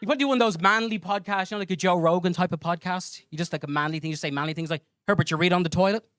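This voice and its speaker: A man's voice: high voice, very fast, clean tone. A man doing a crude stand-up comedy set on a club stage, acting out voices. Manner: crude, animated, acts out voices.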